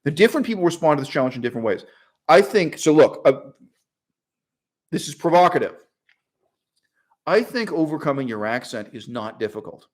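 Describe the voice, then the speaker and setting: A man's voice: a little high, a little fast, long pauses. A middle-aged man hosting his own channel, talking in a casual, opinionated monologue full of asides and short laughs. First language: English. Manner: animated and opinionated, frequent fillers and laughs. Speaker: channel host.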